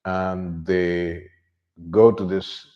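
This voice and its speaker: A man with a deep, low voice walks through a novel's story in relaxed, unscripted chat, stopping for asides and fillers as he goes. His telling is lively and informal, acting out bits of dialogue. The recording sounds a little dull and lo-fi. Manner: animated retelling with quick asides and fillers. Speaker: book reviewer. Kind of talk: casual book summary.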